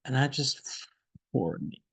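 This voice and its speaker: A man casually recalling a friendship, quiet and reflective, halting with many restarts and fillers, audibly emotional. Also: medium pitch, lively intonation, creaky, breathy edge, no room sound. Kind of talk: casual personal storytelling.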